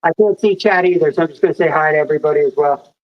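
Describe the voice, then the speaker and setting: A man's voice: a little high, racing, lo-fi sound. A man chatting casually on a livestream, easygoing with self-mocking humor.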